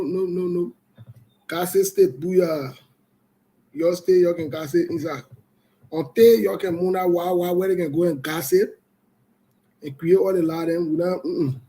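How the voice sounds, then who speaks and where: Man, high voice, casual livestream host, playful, repetitive. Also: mellow. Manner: playful teasing, laughing, repetitive. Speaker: online show host. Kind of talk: casual livestream chat reading viewer comments.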